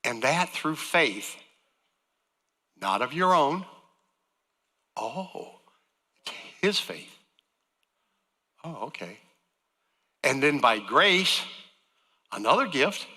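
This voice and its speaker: Man, guest preacher, bright forceful tone, lively pitch, long reverb of a church hall. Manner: earnest preaching, voice swinging from loud emphasis to soft. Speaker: guest speaker. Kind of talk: sermon. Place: church sanctuary.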